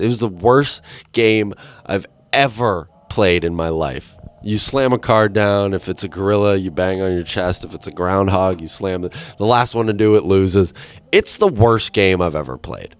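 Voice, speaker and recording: A man's voice: moderate pace, smooth. Rambling, profane young man on a podcast. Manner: rambling, profane, animated storyteller who jumps into high-pitched quoted voices. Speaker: podcast host. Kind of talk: casual solo podcast storytelling.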